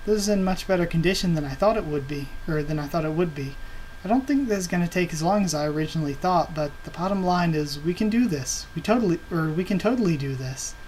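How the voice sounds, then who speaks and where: An excitable, nerdy engineer, read out by a man from a comic. The lines come quick and eager in a fairly high male voice, with a faint hum of noise behind them. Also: close to an everyday voice, low-quality recording.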